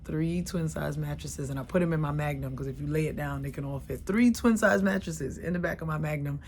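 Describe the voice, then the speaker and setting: A middle-aged woman telling a candid, emotional personal story, dropping to a hush and rising loud by turns. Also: low-pitched, brisk, slight background noise. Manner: candid, emotional, swings between hushed and loud.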